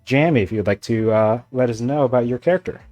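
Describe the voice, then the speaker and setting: A man's voice: mid-range voice, fast talker, a little mellow. A man running a tabletop game as game master, talking in an easygoing, rambling way with plenty of fillers. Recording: faint background music.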